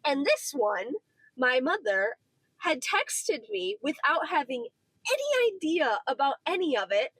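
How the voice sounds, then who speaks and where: Animated young woman telling a story. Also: sits high, a little slow, no room sound, rough recording. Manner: animated, acts out quoted dialogue. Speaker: podcast co-host. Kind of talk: casual storytelling chat. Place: in a car.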